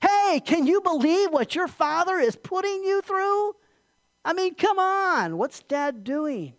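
A preacher putting on a goading, high-pitched Satan. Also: sing-song, slow pace, a bit bright, heavily acted. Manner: jeering, provoking questions, repeated "hey". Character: taunting tempter voice of Satan, needling and goading. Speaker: pastor.

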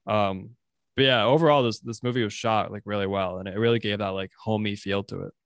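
A man's voice: fairly low pitch, steady tone, brisk, creaky, no room sound, clean studio sound. A man giving his first-time impressions in a casual movie discussion, hesitant and thoughtful. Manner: hesitant, many fillers, thoughtful. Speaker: guest, first-time viewer.

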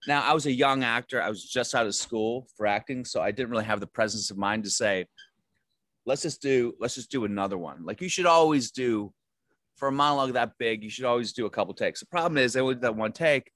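A man's voice: mid-range voice, fast talker, a bit bright, dry recording. A man, an actor, telling rambling self-deprecating stories in a casual interview, with many fillers and restarts. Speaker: actor guest.

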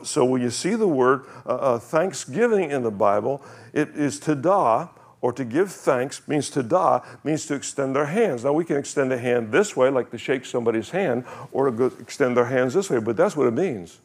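A man's voice: medium pitch, expressive. Man preaching a casual sermon. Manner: conversational preaching, reads scripture slowly, asks congregation questions. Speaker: pastor.

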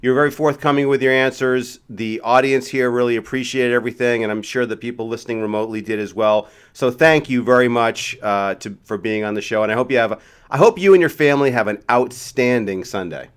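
A man's voice: mid-range voice, a little fast, clear, resonant tone. A man hosting a podcast, asking questions and thanking his guest in an easygoing conversational way. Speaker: podcast host. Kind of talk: conversational interviewing.

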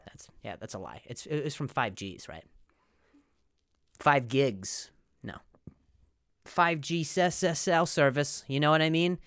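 A man's voice: fairly high pitch, lively intonation, unhurried, a bit bright, dry recording, studio quality. A man hosting a podcast in a rambling, jokey monologue, stumbling over words and laughing at his own jokes. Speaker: podcast host. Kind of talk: casual comedic monologue.

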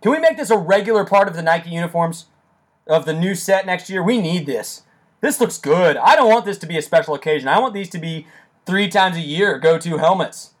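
A young man hosting a casual sports podcast, enthusiastic and excitable, speaking close into his microphone and breaking into shouts. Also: high-pitched, brisk. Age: young adult. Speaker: podcast host.

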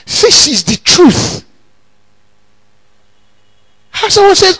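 A man preaches in a church, his voice very high and bright with a gravelly edge. He talks slowly and with wide swings in pitch. He moves from emphatic teaching into shouted declarations. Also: very animated, poor audio. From Nigeria. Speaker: pastor. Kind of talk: sermon.

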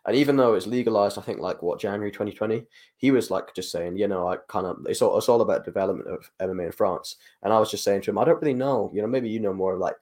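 Rambling, low-voiced man chatting quickly. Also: darkish tone. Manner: rambling, heavy on fillers like "like" and "you know". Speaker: MMA journalist. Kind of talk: casual podcast chat.

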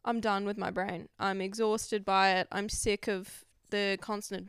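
Young woman, frank confessional vlog, smooth resonant tone, dry close sound, swears freely. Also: medium pitch, fairly even intonation, normal speed, dry recording. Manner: frank, rambling, heavy swearing. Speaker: vlogger. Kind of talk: candid confessional monologue.

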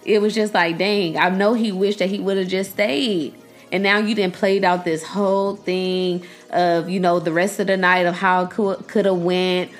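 A young woman giving a casual, emphatic reaction to a series, blunt and profane, laughing often and jumping between points. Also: medium pitch.

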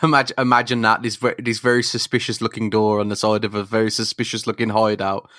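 A man's voice: on the low side, flat delivery, fast talker, fairly bright tone, no room sound, clean studio sound. A man co-hosting a podcast, making wry, sweary remarks in casual chat with laughter. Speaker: podcast co-host. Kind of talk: casual comic recap chat.

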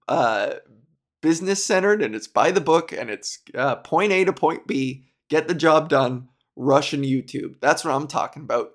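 A man on a comic rant, exasperated and profane, often laughing. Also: a little high. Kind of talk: comedic rant.

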